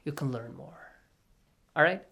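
A man's voice: fairly high pitch, measured pace, gravelly, heavy background noise. A man teaching a classroom tajweed lesson, patiently checking that students follow, often asking "okay?" and dropping into near-whispered asides between recited phrases.

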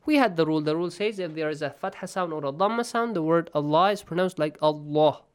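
A man's voice: fairly high pitch, fast, clear, resonant tone. A man teaching tajweed rules in an online Quran lesson, patiently quizzing his students.

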